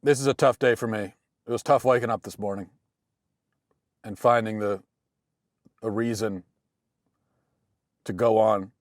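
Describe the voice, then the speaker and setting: An American man in his thirties hosting a show, talking through a casual monologue with dry, deadpan humor and frequent restarts. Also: lowish voice, measured pace, pauses often, dry recording. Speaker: podcast host.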